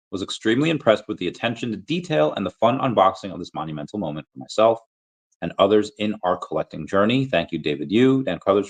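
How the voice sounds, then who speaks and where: A man giving casual solo commentary as a video creator, chatty and animated, reading out posts and shout-outs with frequent fillers and laughs. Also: fairly low pitch, rough recording. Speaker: crypto and collectibles video creator.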